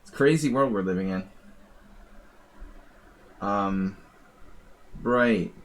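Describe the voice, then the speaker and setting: A man streams blitz chess while chatting casually, his lowish voice moving slowly. He's wry and rambling, and he laughs at his own jokes.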